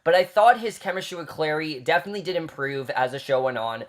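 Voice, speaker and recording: A man's voice: fairly high pitch, fast. A man giving a casual, chatty review of a TV season, talking off the cuff with lots of fillers and repeated phrases.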